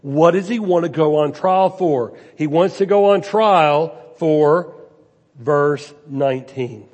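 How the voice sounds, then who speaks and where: A man's voice: fairly high pitch, takes it slowly, a little mellow. A man preaching a sermon as a pastor, with rhetorical questions and emphasis that rises and falls. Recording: long hall reverb.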